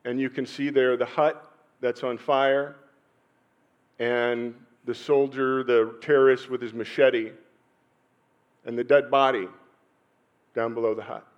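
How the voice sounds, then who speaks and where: This is a sermon from a middle-aged man serving as pastor, who weaves in personal stories with pauses and sudden bursts of volume. He speaks at a medium pitch with little variation, and the recording is muffled.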